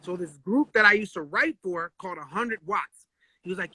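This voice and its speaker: A man telling animated stories in a casual live-stream chat, full of slang and swearing, acting out quotes. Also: sits high, moderate pace, slightly rough. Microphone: phone live stream.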